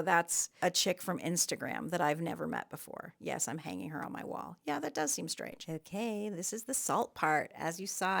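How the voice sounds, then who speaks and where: A woman's voice: on the low side, creaky, fairly bright tone. A woman watercolor artist talking through her painting process in a chatty, enthusiastic voice-over full of rambling asides. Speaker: watercolor artist and art vlogger.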